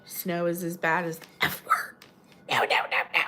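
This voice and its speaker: With a lowish, monotone voice, a sharp tone and a moderate pace, a woman runs a casual livestream from her New Jersey home, with a little hiss or hum audible. She reads comments, laughs often and jumps up in pitch to greet viewers.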